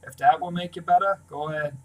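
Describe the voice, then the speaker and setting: A man reading a novel aloud, voicing an older male castaway sailor in a firm, reassuring tone, a little louder than his narration. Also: fairly high pitch, fast, natural voice, poor audio. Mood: gentle.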